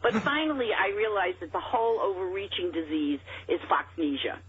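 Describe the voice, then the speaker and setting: Female radio regular delivering prepared gags at a fast clip, heard through slightly dull audio. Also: lowish voice, sing-song, slight background noise. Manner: fast, joking delivery with laughs. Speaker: show regular doing comedy bits. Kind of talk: scripted comedy bit on radio.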